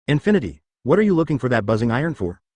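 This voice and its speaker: Confident young hero in a fantasy audiobook, read by a man, teasing tone, fast delivery, dry close sound. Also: medium pitch, very animated, a little mellow, no echo. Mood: curious.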